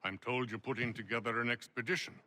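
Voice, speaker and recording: An actor playing a measured, courteous gentleman in a video game. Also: mid-range voice, fairly even intonation, slight background noise, natural voice.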